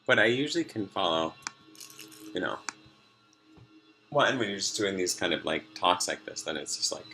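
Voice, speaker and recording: Man, very deep voice, bright tone, meandering vlog chat, faint music behind. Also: big pitch swings, moderate pace, long pauses. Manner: meandering, sidetracked, many fillers, laughs often. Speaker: vlogger. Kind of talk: rambling personal video diary. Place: room at home at night.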